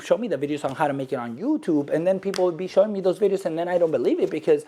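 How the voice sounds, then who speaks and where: A man's voice: high-pitched, animated, fast, few pauses, dark tone. A young man ranting to camera in a sarcastic, rambling, dramatic way. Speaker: vlogger. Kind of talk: casual rant to camera.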